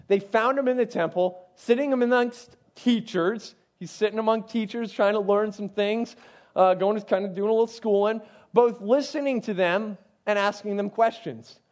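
High-voiced man giving a casual Bible talk. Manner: conversational, digressive, frequent asides to listeners.

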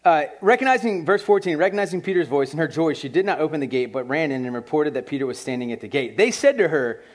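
A man with a fairly high voice giving a relaxed, lively sermon. He talks casually with lots of filler words and often turns to the congregation with questions. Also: quick pace. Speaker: pastor. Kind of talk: conversational sermon.

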